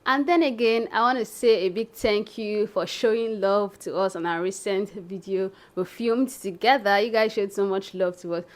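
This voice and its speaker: A young Nigerian woman hosts her vlog, chatting casually with viewers she calls besties. She speaks at a medium pitch and normal speed, barely pausing.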